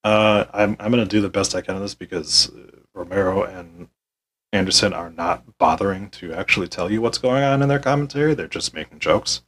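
Weary deadpan husky man. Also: low voice, brisk, rough recording. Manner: weary, deadpan, swears often. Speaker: podcast host recapping a wrestling show. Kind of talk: sarcastic play-by-play recap.

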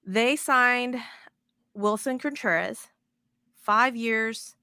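Bright-voiced excitable woman podcast host. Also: a little high, drawn-out words, smooth, no room sound, studio quality. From moved to Texas as an adult. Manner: excitable, rambling, swears. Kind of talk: casual chat.

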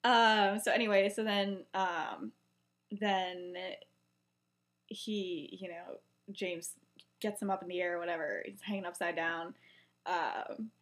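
A young woman co-hosts a podcast in a mid-range, slightly bright voice. She retells a story casually, using lots of fillers and performing the quoted lines.

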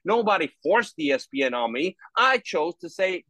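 A man with a high-pitched voice talks about faith with preacherly energy, jumping into acted-out voices and scripture quotes. The sound is dry and close. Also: moderate pace, dry recording, rough recording. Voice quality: animated, preacherly, acts out voices. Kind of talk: faith-based conversation.

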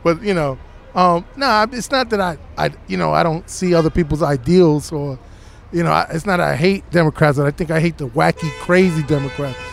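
Man ranting heatedly, high voice. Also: a little fast, gravelly, soft background music. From Latino heritage, United States. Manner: rambling heated rant with many "you know"s. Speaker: passerby interviewee. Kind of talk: casual street interview. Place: outdoors on a city street.

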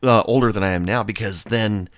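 A man's voice: fairly low pitch, a little fast, a bit bright, no echo, studio quality. A middle-aged man, a bartender, telling a story in a casual, sarcastic and blunt way.

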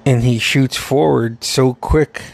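A man's voice: medium pitch, steady tone, slow pace, gravelly. A man hosting a podcast, telling a rambling, profanity-laced childhood story with frequent laughs. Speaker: podcast host. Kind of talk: casual storytelling.

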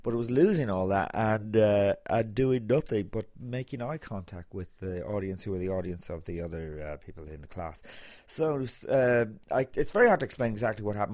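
A man's voice: lowish voice, a little mellow, no room sound, clean studio sound. An Irish man hosting his podcast, rambling casually with many fillers and restarts. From Ireland. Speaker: podcast host and comedian.

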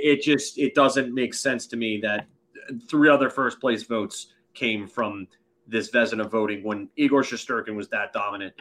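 A man's voice: lowish voice, fairly even intonation, moderate pace, fairly bright tone. A man co-hosting a hockey podcast, giving opinionated takes and fumbling over words now and then. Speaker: co-host, hockey analyst. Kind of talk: casual sports chat.

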